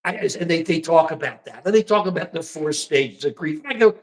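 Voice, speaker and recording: A man's voice: a little high, fairly quick. A man from the United States hosting a casual political livestream, rambling and repeating himself with folksy slang. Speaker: livestream host.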